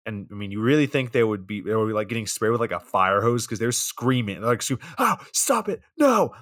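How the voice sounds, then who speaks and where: A man's voice: on the low side, fairly even intonation, fast, a bit bright, no echo, clean studio sound. A young man casually recapping a film plot for a podcast, swearing freely and acting out characters' lines.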